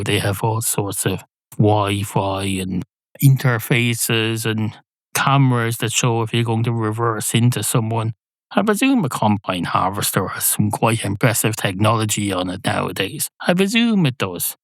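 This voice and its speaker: A man hosting a podcast, musing in a rambling, deadpan comic monologue. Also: lowish voice, no room sound. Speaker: podcast host.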